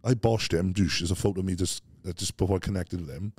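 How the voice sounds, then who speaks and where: A man's voice: low-pitched, quick pace, darkish tone, husky, no echo. A middle-aged Welsh man telling rambling stories as a podcast guest, dropping "mate" often. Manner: rambling, storytelling, peppers speech with "mate". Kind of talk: casual chat.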